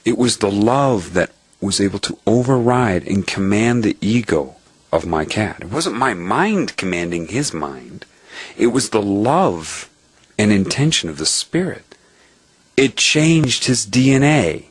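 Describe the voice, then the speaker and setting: A man narrating a first-person testimony in a calm, earnest, musing way. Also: on the low side, unhurried, slightly rough, dry recording. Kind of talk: reflective first-person storytelling.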